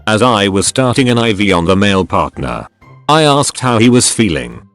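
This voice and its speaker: Lively, low-voiced man reading stories aloud. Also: moderate pace, faint music behind. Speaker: narrator reading forum stories.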